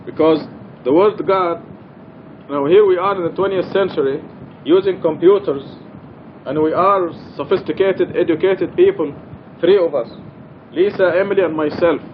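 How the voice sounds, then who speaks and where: A man's voice: sits high, normal speed, dull audio, a little hiss or hum. A man teaching a religious study class in a mosque, speaking earnestly and repeating his key points for emphasis.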